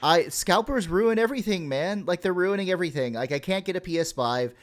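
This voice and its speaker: A man's voice: sits high, expressive, fairly quick. A man from Texas co-hosting a podcast, ranting and swearing casually with laughs. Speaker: podcast co-host.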